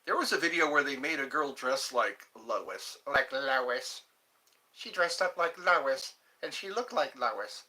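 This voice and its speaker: A man's voice: mid-range voice, lively intonation, unhurried, sharp tone. A man hosting a livestream, chatting casually and rambling with frequent chuckles. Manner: chuckling, drifting between impressions. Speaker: livestream host.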